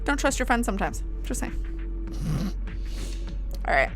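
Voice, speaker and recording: A young woman chats on a live stream in a casual, giggly way, talking back to her viewers and reading horror files aloud. Her voice sits high and sounds bright. Faint music plays softly under her talk. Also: expressive, moderate pace, long pauses. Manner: giggly, chatty, reacting to chat.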